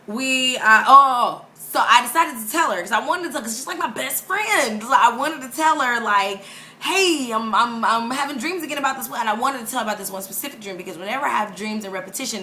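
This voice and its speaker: A young woman with a bright, forceful voice tells a personal story to camera in an easy, chatty way. She laughs often and acts out quotes, and a faint hiss of noise sits under her voice. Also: medium pitch. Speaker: vlogger. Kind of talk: casual storytelling vlog.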